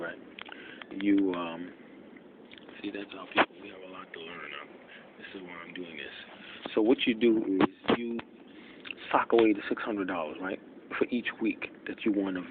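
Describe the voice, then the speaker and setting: Hushed low-voiced man on a tinny line. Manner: deliberately muted, hushed delivery; thinks aloud, stalling with fillers. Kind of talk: rambling monologue. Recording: tinny phone-like lo-fi audio with faint hiss.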